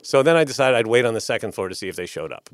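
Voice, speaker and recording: A record label executive telling an animated story in a casual interview, profane and often tagging lines with "right?". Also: male voice, mid-range voice, rapid-fire, dry recording, clean studio sound.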